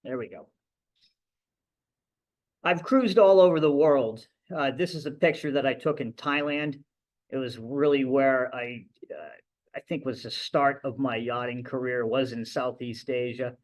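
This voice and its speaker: A man's voice: medium pitch, unhurried. Man telling voyage stories at a talk. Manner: conversational storytelling with restarts. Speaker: ship captain giving a public talk. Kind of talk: anecdotal lecture. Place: library event room.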